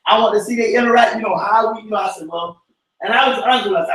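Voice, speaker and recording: A man with a very high voice leads an informal church Bible study. His talk is animated and preachy, rising into shouts. He sounds far from the mic in a very echoey room. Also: racing. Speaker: cell group teacher.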